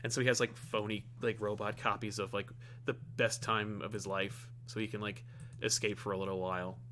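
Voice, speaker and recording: A man's voice: fairly low pitch, level tone, fairly quick, fairly bright tone, a little hiss or hum. A man co-hosting a comic review podcast, talking casually in a rambling way with lots of fillers and restarts. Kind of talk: casual chat.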